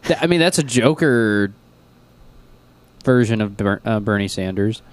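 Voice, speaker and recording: A man's voice: lowish voice, animated, measured pace, dry recording. A young man co-hosting a radio show, chatting casually in a rambling, joking way with lots of fillers. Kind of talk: casual chat.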